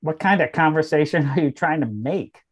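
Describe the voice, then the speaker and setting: A man voicing a bewildered, deadpan male passerby in an improvised comedy reading over a video call. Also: fairly high pitch, normal speed, breathy edge. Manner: deadpan comic replies.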